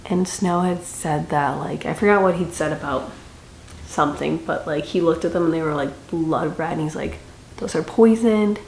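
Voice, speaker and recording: A woman's voice: low voice, steady tone, normal speed, gravelly. A young woman giving a casual, chatty book review with dramatic reactions and rambling asides. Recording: echoey room with faint noise.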